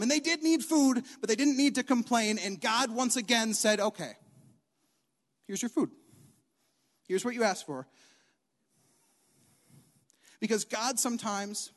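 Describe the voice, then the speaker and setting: High-voiced young preacher in a reverberant hall. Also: male voice. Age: young adult. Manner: animated, emphatic, repeats key lines. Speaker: youth preacher. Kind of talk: sermon.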